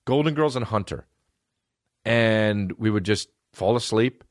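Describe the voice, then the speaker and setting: A man's voice: fairly low pitch, measured pace, no room sound, studio quality. A man hosting a podcast, telling rambling, profane childhood stories in a casual comedic monologue. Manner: rambling, profane, animated storytelling. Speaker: podcast host.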